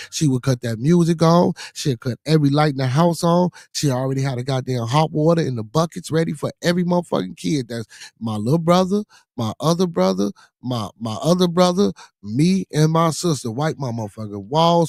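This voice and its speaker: A man's voice: a little high, darkish tone, no room sound. Profane middle-aged man, dry mic. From Chicago, USA. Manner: profane, rambling, with many repeated fillers. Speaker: podcast host. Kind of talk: casual podcast monologue.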